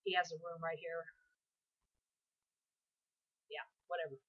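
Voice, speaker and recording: Tired husky woman rambling to camera. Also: sits low, little pitch movement, unhurried, muffled recording. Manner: rambling, chatty, with many asides. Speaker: vlogger. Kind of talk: casual storytelling to camera. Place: her bedroom at home, sitting in bed. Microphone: built-in camera microphone.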